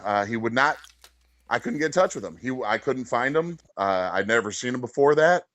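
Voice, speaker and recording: A man from Chicago co-hosting a wrestling podcast, talking in rambling, halting casual banter. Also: mid-range voice, expressive, fairly bright tone, no room sound, highs cut off. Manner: rambling, halting, with frequent restarts and laughs.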